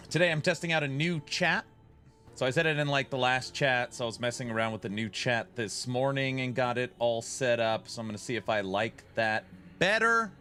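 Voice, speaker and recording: Male live-stream host, bright forward tone, casual joking chat, rattles off viewer names. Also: mid-range voice, normal speed, faint music behind. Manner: loose, joking, greets chat by name.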